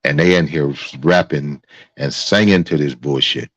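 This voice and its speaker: A man's voice: rumbling low, normal speed, dry recording. A male host giving angry, profane live-stream commentary, repeating himself as he vents. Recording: dry, dull lo-fi sound.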